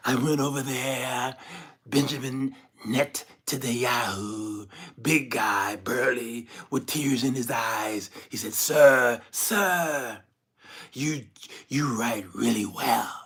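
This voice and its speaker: Guy doing a bragging politician bit, slow and smug, bright edgy voice. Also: medium pitch, breathy edge, heavily acted. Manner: slow, self-satisfied, repetitive bragging. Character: impression of a boastful male politician.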